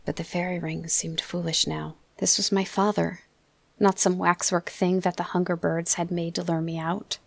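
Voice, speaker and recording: A woman narrating an audiobook softly, often dropping into a whisper. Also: fairly low pitch, flat delivery, moderate pace, gravelly, no echo. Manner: soft, often drops to a whisper. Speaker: audiobook reader.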